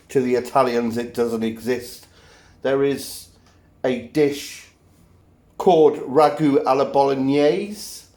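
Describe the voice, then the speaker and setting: A man's voice: mid-range voice, a little mellow. A man hosting a cooking show, talking the viewer through a recipe in a jokey, self-mocking way. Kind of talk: cooking demonstration.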